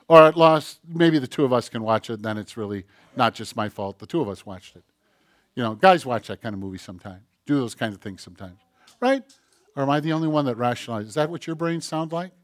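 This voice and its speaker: Conversational preacher with sharp volume swings. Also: male voice, fairly high pitch. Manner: conversational preaching, rhetorical questions, swings from loud to quiet. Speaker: pastor. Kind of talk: sermon.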